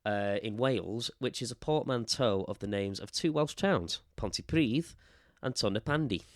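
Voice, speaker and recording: Laughing frequently, a man co-hosts a podcast in a casual chat at normal speed and medium pitch. The sound is studio quality, with no room sound.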